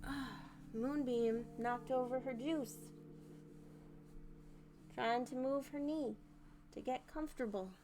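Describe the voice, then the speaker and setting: A woman's voice: sits high, slow, pauses often. A young woman chatting casually on a live art stream at home, self-mocking and prone to repeating herself. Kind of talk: casual live-stream chat while painting. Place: home living room. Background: soft music playing.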